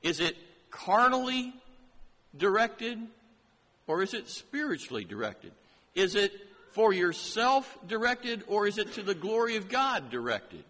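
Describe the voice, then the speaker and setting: Slow, emphatic preacher in a reverberant hall. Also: male voice, high voice, big pitch swings, bright, forceful tone. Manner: slow, emphatic preaching with rising rhetorical questions. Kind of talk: sermon. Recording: long reverb of a large hall.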